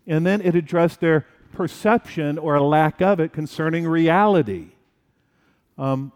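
A male pastor preaching a sermon in a church, animated and acting out the disciples' fright. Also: a little high, moderate pace, big-room sound.

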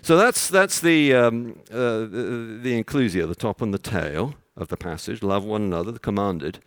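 A man's voice: on the low side, moderate pace, smooth, dry recording, clean studio sound. A man preaching an expository sermon, explaining his points in a teacherly way with everyday examples.

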